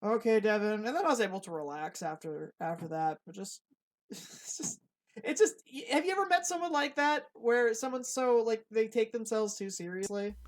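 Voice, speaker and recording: A man's voice: sits high, big pitch swings, moderate pace. Rambling young man on a podcast. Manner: rambling, many restarts and fillers. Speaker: podcast co-host. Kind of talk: casual podcast chat.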